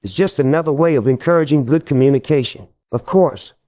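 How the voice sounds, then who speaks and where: A man reading a nonfiction audiobook in an even, instructive narration style. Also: fairly high pitch, quick pace, no echo.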